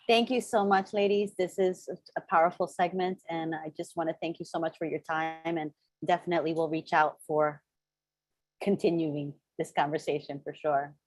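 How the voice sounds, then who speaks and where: A woman's voice: sits low, flat delivery, normal speed, no echo, clean studio sound. A woman moderator thanking panelists, effusive and moved.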